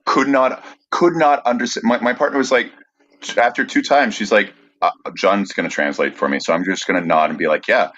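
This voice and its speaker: A man with a deep, low voice hosts a casual podcast, easygoing and chatty. His sound comes through a dull, muffled mic. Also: a little fast. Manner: relaxed, agreeable, storytelling. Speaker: podcast host. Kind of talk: casual chat.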